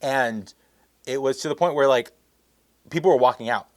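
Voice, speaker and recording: Casual male storyteller, lively, acts out quotes, dry close mic. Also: mid-range voice, normal speed, no room sound. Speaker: storyteller vlogger.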